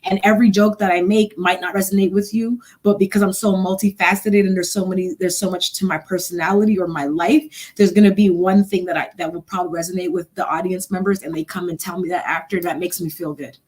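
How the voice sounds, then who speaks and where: A woman's voice: on the low side, fairly even intonation, quick pace, few pauses, a little mellow, slightly rough. A woman in her thirties from Montreal, a comedian and engineer, telling stories in a casual chat and acting out people in different voices. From Montreal, Canada. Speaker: guest, stand-up comedian and engineer.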